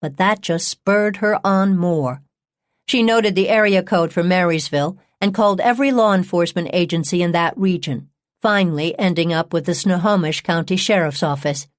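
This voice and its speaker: A woman reading a true-crime audiobook in a measured, even narration on a close studio mic. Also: on the low side, no room sound.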